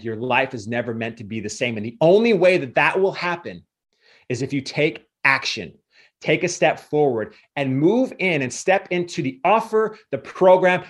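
A man giving a motivational coaching talk as a guest speaker, emphatic and repetitive in his delivery. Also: medium pitch.

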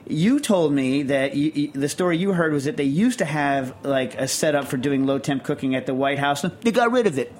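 A man's voice: fairly high pitch, fairly even intonation, moderate pace, hardly any pauses, a little mellow. A man co-hosting a casual chat podcast, rambling and ranting with lots of fillers and self-deprecating asides. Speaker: podcast co-host.

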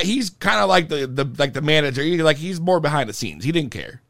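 A man's voice: on the high side, big pitch swings, brisk, a bit bright, no room sound, studio quality. A young man casually telling a heated, profane story about a show that went wrong. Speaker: performing rapper telling a story.

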